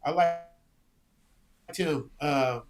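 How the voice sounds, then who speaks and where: A man talking as a guest in a casual interview, animated and slangy, often repeating words as he goes. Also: on the high side, drawn-out words. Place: lives abroad, remote interview.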